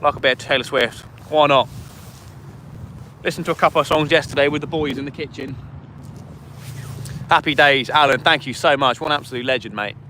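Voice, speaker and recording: A man's voice: mid-range voice, fairly quick, pauses often, pushed and bright, slight background noise. A man, hosting a fishing livestream and chatting casually with viewers, eager and thankful. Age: 20s. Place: outdoors by a river at night.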